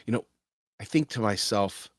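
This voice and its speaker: Earnest man talking, low dry voice. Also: animated, moderate pace, no echo. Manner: earnest, acts out quoted voices. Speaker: host. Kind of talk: casual direct-to-camera talk.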